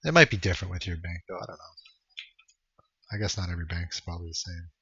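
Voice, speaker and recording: A man's voice: sits low, fast, bright, forceful tone, husky, no echo. A young man from Canada chatting casually with his live-stream audience, laid-back and swearing freely as he chuckles through replies. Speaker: game streamer. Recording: dull lo-fi stream audio.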